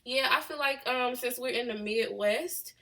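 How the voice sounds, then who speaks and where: A woman's voice: fairly high pitch, measured pace, a bit bright. Chatty Chicago woman on a livestream. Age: late 20s. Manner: chatty, drawling, answering comments. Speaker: livestream host. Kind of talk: casual live chat with viewers.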